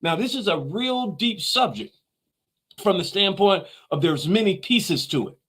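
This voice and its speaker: A man's voice: high-pitched, lively intonation, a little slow, a bit bright, slightly rough. A man giving a motivational talk, emphatic and repeating his key phrases. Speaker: motivational speaker.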